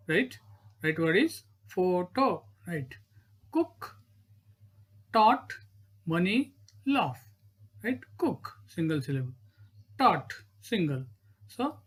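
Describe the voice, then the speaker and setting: A woman's voice: mid-range voice, breathy edge. A woman with an Indian English accent teaching a grammar lesson, saying each word over and checking in with "right?" and "okay".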